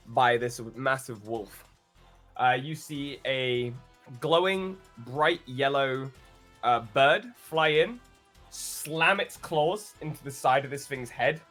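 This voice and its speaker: Bright, animated man running a tabletop game. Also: a little high. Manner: animated storytelling, laughs often, many "uh"s. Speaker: game master.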